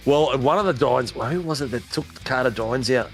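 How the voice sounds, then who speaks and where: A man's voice: medium pitch, normal speed, faint music behind. A man hosting post-race interviews for a sim racing broadcast, chatty and hyped up. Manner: hyped announcer, chatty, says mate a lot.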